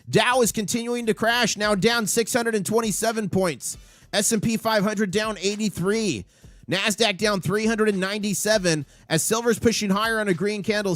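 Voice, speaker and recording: A man hosting a live stream with market commentary, excitable and rattling off prices and numbers. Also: high-pitched, dry recording. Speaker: livestream host.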